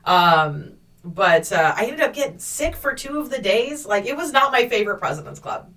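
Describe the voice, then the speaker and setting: A woman with a bright, forceful voice tells a story in loose podcast chat, cursing often and jumping into the voices of the people in it. She sounds a little distant from the mic. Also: medium pitch, normal speed. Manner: profane, animated storytelling with acted-out quotes. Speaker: podcast co-host.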